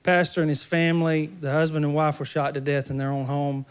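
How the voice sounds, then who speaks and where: Male pastor, fairly high voice, relaxed conversational sermon with jokes to the crowd. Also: brisk, clean tone.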